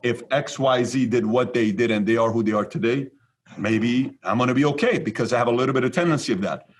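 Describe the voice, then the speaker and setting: A man in his forties from Iran, a podcast guest telling stories in an animated, repetitive way. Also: mid-range voice, quick pace, slight background noise. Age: 40s. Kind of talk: storytelling interview talk.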